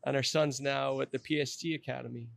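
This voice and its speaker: A man in his fifties, a podcast guest, telling a personal story in an earnest, animated way. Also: medium pitch, a little fast, vocal fry, no echo.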